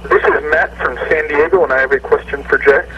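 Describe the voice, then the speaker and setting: A man from California calling in to a show, asking a question politely and haltingly. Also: on the high side, steady tone, very noisy. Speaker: caller. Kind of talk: phone-in question. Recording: muffled phone line.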